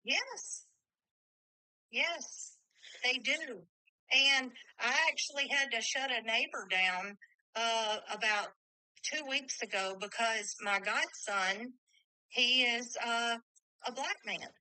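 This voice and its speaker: A woman's voice: on the high side, slow, pushed and bright, clean tone, no room sound, poor audio. A middle-aged woman telling stories bluntly in casual conversation. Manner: blunt, storytelling with quoted dialogue.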